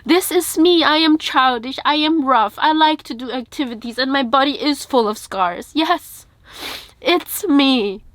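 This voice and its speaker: A tearful woman pours her heart out in a personal vlog, her voice sitting high and her words coming slowly and deliberately. The sound is dry and close, with no room around it. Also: fairly bright tone, dry recording. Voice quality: earnest, heartfelt. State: tearful, crying. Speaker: vlogger.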